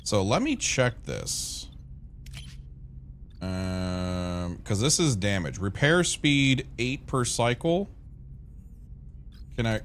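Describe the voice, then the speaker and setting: Lively, low-voiced rambling male streamer. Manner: rambling, swears casually, talks to chat. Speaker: gaming streamer. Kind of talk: casual gameplay chat.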